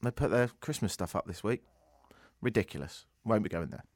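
Sarcastic British radio host, very lively. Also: male voice, lowish voice, fairly quick, no echo. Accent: British English. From Britain. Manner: sarcastic, animated, mock-outraged rants. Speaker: radio talk show host. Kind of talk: comedic radio monologue. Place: radio studio. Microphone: studio microphone.

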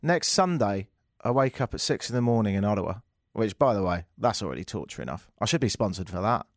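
A man's voice: on the low side, lively intonation, fast talker, no room sound, clean studio sound. A man hosting a radio talk show, telling jokey stories and acting out the other people in them with a raised voice. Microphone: studio microphone.

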